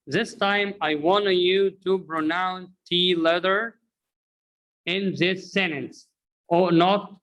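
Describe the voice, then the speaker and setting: A man's voice: a little high, fairly bright tone, poor audio. A man with an Egyptian Arabic accent teaching English pronunciation, drilling words by repetition and explaining in Arabic. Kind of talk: bilingual pronunciation lesson.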